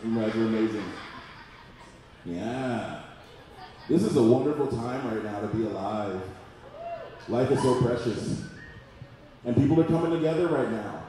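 A man in his forties doing a loud, profane stand-up comedy routine at a live venue. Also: medium pitch, expressive, moderate pace, pauses often. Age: 40s. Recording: echoey room, mic far off, audience noise.

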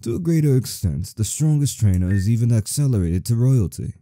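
A man voicing a kindly old male bard who slowly tells a tale to children in a video game playthrough. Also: mid-range voice, lively intonation, no room sound, natural voice. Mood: solemn. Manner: slow, gentle storytelling to children.

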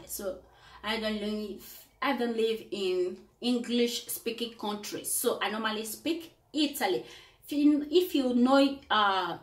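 A woman vlogger chatting casually to camera, repeating herself with many hesitations. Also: mid-range voice. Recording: echoey room, far from the mic.

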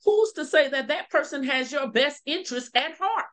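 A woman speaking in an animated, conversational way during a Bible study on a video call. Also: high voice, normal speed. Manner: animated, quoting people in voices. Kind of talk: casual Bible study discussion.

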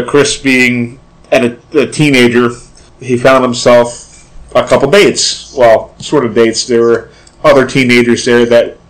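A man's voice: mid-range voice, low-quality recording. Chatty man telling a ghost-hunt story. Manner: chatty, meandering. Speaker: guest. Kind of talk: anecdotal storytelling. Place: shop, indoors.

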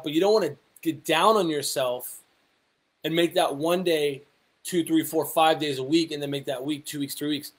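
A man's voice: on the high side, moderate pace. A young adult man, a fitness coach, giving casual motivational advice with lots of rhetorical questions and fillers. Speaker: fitness coach and personal trainer. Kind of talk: casual motivational talk to camera.

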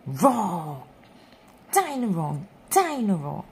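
A woman's voice: on the low side, very animated, extremely slow, slight background noise, exaggerated voice. A woman voicing a brash singing toy dinosaur that chants and roars in a storybook reading. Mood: roaring chant. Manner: chanting, roaring.

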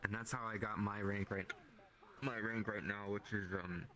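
A man's voice: on the low side, fairly even intonation, moderate pace. A man chatting casually in a VR game, laid-back and swearing freely. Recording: online voice chat with crowd chatter.

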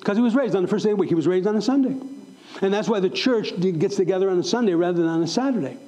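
A man's voice: high voice, lively intonation, very fast, warm tone, rough recording. A middle-aged male pastor preaching a sermon to a church congregation, emphatic and fond of repeating questions to the room. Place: church sanctuary.

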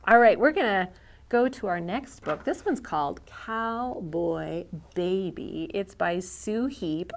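A woman hosting a storytime for young children, reading picture books aloud with an expressive, animated delivery. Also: lowish voice, vocal fry. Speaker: children's librarian.

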